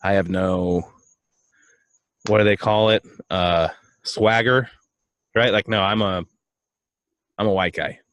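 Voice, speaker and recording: Animated storytelling man, dry close sound. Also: on the low side, dry recording. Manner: animated storyteller, acts out voices; self-deprecating, halting restarts. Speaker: podcast co-host. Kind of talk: casual comedic chat.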